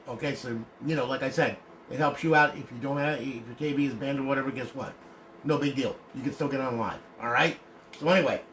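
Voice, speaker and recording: A man talking casually on a livestream as a console modder, chatty and profane, tagging his sentences with "okay?" and jumping into excited bursts between low asides. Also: a little hiss or hum. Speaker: console modder streaming to customers.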